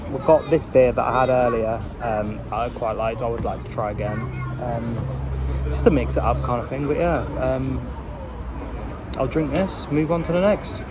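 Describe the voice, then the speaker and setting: A man's voice: mid-range voice, moderate pace. A young man vlogging as he walks through city streets at night. He is drunk and tired, and he swears and rants as he grumbles to his viewers. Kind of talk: casual walking vlog. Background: traffic and street noise.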